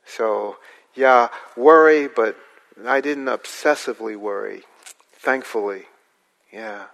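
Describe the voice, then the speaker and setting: A man telling a personal story to an audience in a halting, rambling way. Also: mid-range voice, gravelly, fairly bright tone. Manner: halting, rambling, with restarts and fillers. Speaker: guest speaker. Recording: long hall reverb.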